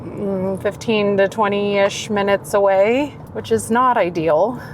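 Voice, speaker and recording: A woman's voice: medium pitch, fairly even intonation, slow pace, a little hiss or hum. A woman vlogger talking casually to her viewers, rambling and self-deprecating, earnest and openly emotional. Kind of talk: casual chatty vlog.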